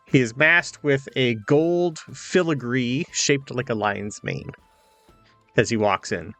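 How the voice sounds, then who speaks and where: A man narrating a tabletop game as game master, casual and halting with many fillers. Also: mid-range voice, lively intonation, a bit bright, no echo, faint music behind.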